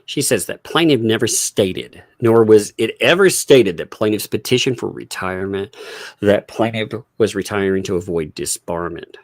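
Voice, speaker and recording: A man's voice: fairly low pitch, moderate pace, no echo, studio quality. A man hosting a live stream, chatting casually with lots of fillers and frequent laughter. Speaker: livestream host.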